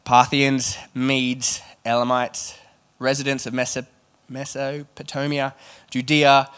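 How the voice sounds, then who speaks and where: A man preaching a sermon, reading scripture and then talking it through in a chatty, animated way with joking asides. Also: mid-range voice, slow, clear, resonant tone.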